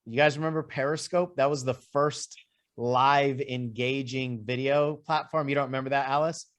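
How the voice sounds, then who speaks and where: Man coaching in relaxed conversation. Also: mid-range voice, normal speed. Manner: conversational, explaining with lists and asides. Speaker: life coach. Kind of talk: coaching session.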